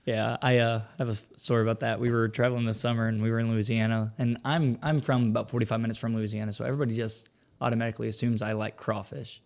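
A man's voice: medium pitch, level tone, gravelly, darkish tone. A young man, a guest on an interview, chatting in a casual way. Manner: quick and chatty.

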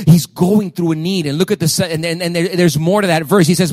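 A man preaching a sermon with a somewhat high voice, leaning hard on his words and then dropping to a hush. The sound is close and dry, with hardly any room around it. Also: a little fast, few pauses, no echo. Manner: emphatic preaching, swinging from loud to hushed. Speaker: pastor. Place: church sanctuary.

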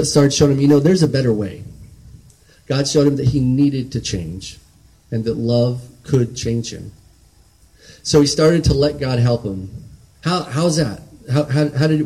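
Mellow-voiced man preaching a sermon. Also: medium pitch, animated, moderate pace, low-quality recording. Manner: earnest, conversational, frequent restarts and "right?" tags.

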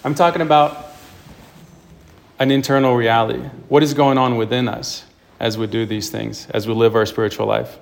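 A male priest delivering a sermon to his congregation. He retells a story with emphatic, storytelling energy in an ordinary middle-pitched voice. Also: fairly even intonation, moderate pace, creaky.

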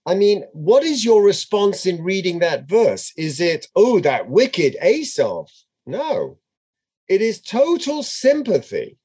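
Animated man chanting and explaining scripture. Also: high voice, takes it slowly. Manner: chants Hebrew verses then translates, dramatic and expressive. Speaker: Torah teacher. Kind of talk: animated text study lesson.

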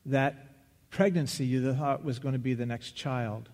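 A man preaching a sermon as pastor, earnest and searching, pausing and restarting as he goes. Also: medium pitch, fairly even intonation, a little mellow. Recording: long reverb of a large hall.

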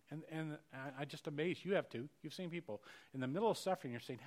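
A middle-aged male pastor preaching a sermon earnestly, repeating words and swinging between loud rises and quiet passages. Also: fairly high pitch, fast talker, hardly any pauses.

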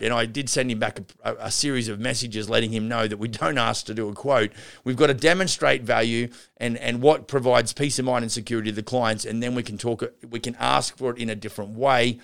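A man's voice: medium pitch, fairly even intonation, brisk, gravelly, fairly bright tone. A man hosting a show and coaching contractors in a casual, rambling way, often restarting sentences and calling listeners guys and gals. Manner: rambling, with frequent restarts and asides. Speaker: podcast host and renovation business coach. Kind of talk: casual instructional talk.

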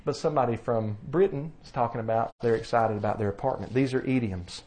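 A man's voice: mid-range voice, fast talker, darkish tone. A man with a Southern US accent preaching a sermon in a folksy, plainspoken way, asking rhetorical questions. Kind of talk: sermon teaching.

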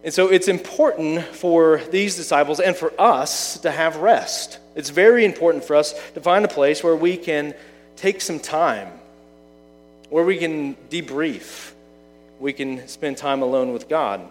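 A man preaching a sermon in a relaxed, conversational way, asking the listeners questions. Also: fairly high pitch, unhurried, big-room sound, faint music behind. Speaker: pastor.

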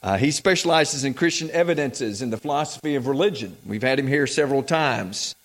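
A man's voice: medium pitch, expressive, fairly quick. A man hosting at a church, introducing the evening's guest speaker in a plain, matter-of-fact way. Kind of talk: formal introduction.

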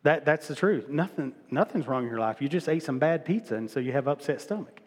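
A man's voice: on the high side, animated, a little fast, in a large hall. A middle-aged male pastor preaching a sermon in a casual, conversational way, often repeating himself and restarting phrases. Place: church sanctuary.

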